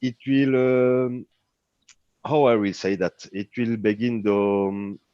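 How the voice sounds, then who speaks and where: A man's voice: lowish voice, fairly even intonation, slow, warm tone, dry recording, dull audio. A man with a French accent giving a project update in an online community meeting, hesitant and searching for words. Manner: hesitant, many fillers and restarts, searching for words.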